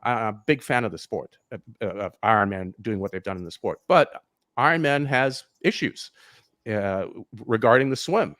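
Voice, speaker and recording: A man's voice: fairly low pitch, normal speed, a bit bright, no room sound, studio quality. A man who coaches triathlon swimming, giving frank advice in a casual live interview over a video call, with many restarts.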